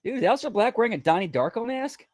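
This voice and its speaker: A man's voice: extremely high pitch, big pitch swings, quick pace, a little mellow, no echo, clean studio sound. A man co-hosting a casual wrestling stream, giving short, offhand answers and chatting about music. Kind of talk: casual chat on a wrestling watch-along stream.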